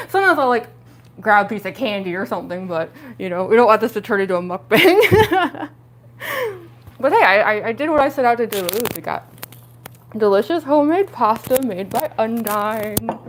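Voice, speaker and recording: A young woman chatting casually on a livestream, giggling often and full of fillers, her voice jumping up when she gets excited, while she speaks around costume fake teeth. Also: moderate pace, a little hiss or hum. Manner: excitable, pitch jumping up on exclamations.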